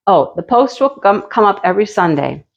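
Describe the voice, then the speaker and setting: A woman's voice: medium pitch, big pitch swings, normal speed, creaky, dull audio. A woman hosting her own craft channel, chatting casually and telling rambling stories while she diamond paints at home. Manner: rambling, chatty storytelling with frequent "you know".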